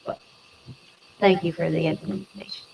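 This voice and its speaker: Woman, tabletop player, gravelly, wry drawl, faint noise. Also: on the low side, fairly even intonation, normal speed, a little mellow, low-quality recording. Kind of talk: in-character tabletop play.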